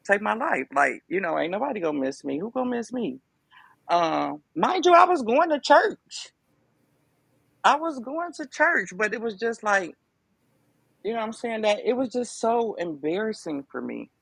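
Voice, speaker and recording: Gravelly-voiced woman telling her story. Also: mid-range voice, big pitch swings, moderate pace, a bit bright, dry recording. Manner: emphatic, conversational, lots of fillers. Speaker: podcast guest. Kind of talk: casual testimony.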